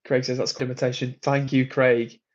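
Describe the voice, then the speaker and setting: A man's voice: mid-range voice, level tone, brisk, muffled recording. Chatty man hosting a livestream. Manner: chatty, friendly, laughs often. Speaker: livestream host. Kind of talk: casual live chat reading comments. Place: hotel room on a work trip.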